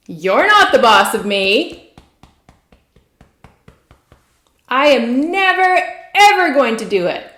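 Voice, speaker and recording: A woman speaking as a defiant inner child, stubborn and petulant. The voice sits high and leaps around in pitch, each line drawn out slowly. It rings in an echoey room. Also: a bit bright, full character voice. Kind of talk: guided tapping script, spoken defiantly.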